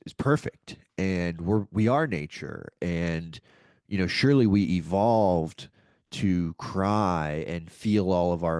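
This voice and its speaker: Deep-voiced podcast host, dry sound. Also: male voice, darkish tone, no echo. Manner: reflective, thinks aloud with "you know". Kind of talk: casual podcast interview.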